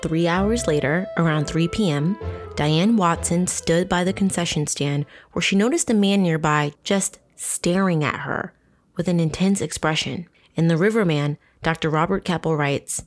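Woman, true crime podcast host, fairly low voice, casual, profane, animated. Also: normal speed, soft background music.

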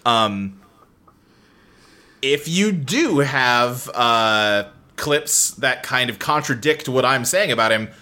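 A man's voice: medium pitch, expressive, slow pace, pushed and bright. A man hosting a casual podcast chat, talking animatedly with many fillers and restarts. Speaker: podcast host.

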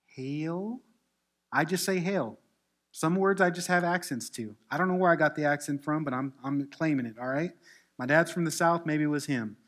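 Pastor, male, higher-pitched voice, preaching with casual asides and rising force on scripture. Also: a little fast, fairly bright tone. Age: adult. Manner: conversational asides with self-deprecating humor. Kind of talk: sermon.

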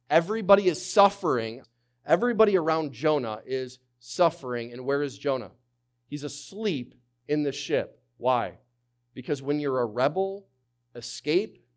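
Man preaching with big dynamic swings. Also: mid-range voice. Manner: dramatic swings from hushed to loud, acts out quotes. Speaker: pastor. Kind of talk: sermon.

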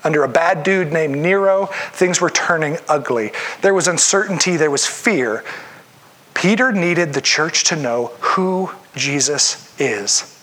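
A man preaching a sermon in a relaxed, conversational way, often acting out the voices of the people he quotes. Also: on the high side, measured pace. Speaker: pastor.

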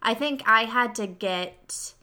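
A woman's voice: on the high side, slow, bright, forceful tone. A woman co-hosting a casual movie review podcast, chatty and full of filler words. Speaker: podcast co-host.

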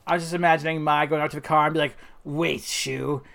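A man's voice: fairly high pitch, flat delivery, rapid-fire, fairly bright tone, clear, resonant tone. A man co-hosting a podcast, chatting in a laid-back way with chuckling asides. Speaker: podcast co-host. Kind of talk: casual chat.

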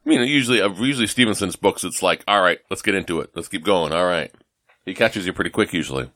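A man from the United States rambles through a casual chat as a podcast co-host, trailing off and restarting with plenty of fillers. His voice sits fairly low, and the recording is dry and close with no room sound. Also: lively intonation, fast talker, pushed and bright, dry recording. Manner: rambling, self-deprecating, lots of fillers and restarts.

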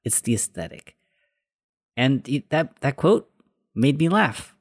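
A man co-hosting a casual movie podcast, relaxed and chuckling as he retells scenes. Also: mid-range voice, slow pace, no room sound, clean studio sound. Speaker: podcast co-host.

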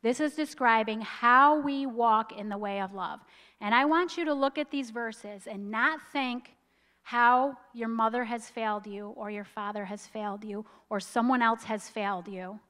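Woman, preacher, sermon, emphatic storytelling, choked up with emotion, slightly high voice, long hall reverb. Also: moderate pace, sharp tone.

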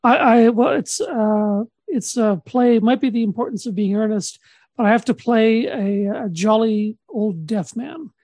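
A man from Saskatchewan co-hosting a comedy podcast, deadpan and halting with many restarts. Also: high voice, dry recording. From Saskatchewan, Canada. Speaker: podcast co-host.

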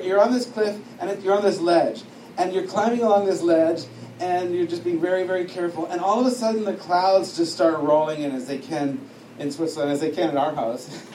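A teacher at a discipleship school, speaking in a high, mellow voice, gives a class an informal, chatty lesson full of side stories and frequent laughter. The room is echoey, the mic distant, with faint noise.

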